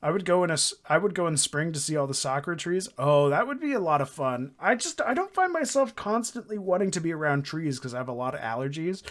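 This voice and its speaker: A man's voice: fairly high pitch, animated, fast, hardly any pauses, fairly bright tone. Rambling, profane male game streamer. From Indiana, USA. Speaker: gaming streamer. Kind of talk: casual let's-play commentary.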